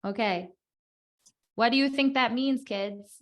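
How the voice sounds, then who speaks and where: A woman's voice: a little high, slow, a bit bright. A woman teacher hosting a video call with children, chatting in a playful, encouraging way. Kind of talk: casual group chat with children.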